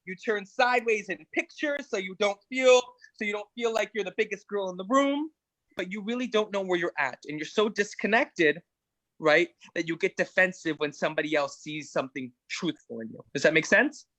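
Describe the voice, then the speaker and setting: High, bright-voiced man coaching a group. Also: brisk, no echo, low-quality recording. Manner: emphatic, keeps asking "right?". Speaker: weight-loss coach. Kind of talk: motivational group talk.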